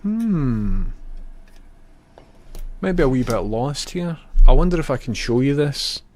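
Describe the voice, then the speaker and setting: A man's voice: mid-range voice, very animated, slow, darkish tone. A young Scottish man chatting casually on a live stream, trading jokey banter, laughing often and rambling through asides.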